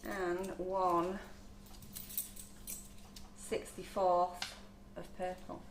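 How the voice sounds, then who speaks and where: A woman's voice: lowish voice, flat delivery, drawn-out words, very noisy. A woman demonstrating cake decorating in a live kitchen session, chatting as she measures and mixes colours. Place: large echoey kitchen. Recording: echoey kitchen.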